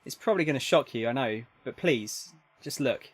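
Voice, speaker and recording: A man voicing an earnest, polite male lab assistant who gently pleads. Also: medium pitch, expressive, normal speed, husky, no room sound, voice pushed down. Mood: pleading.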